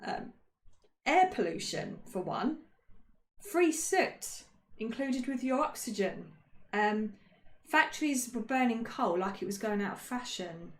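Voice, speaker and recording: A woman's voice: fairly high pitch, very animated, slow. A woman co-hosting a casual history podcast, chatty and jokey, with many ums and self-corrections. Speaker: podcast co-host. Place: indoor room, shared with co-host. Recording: roomy echo.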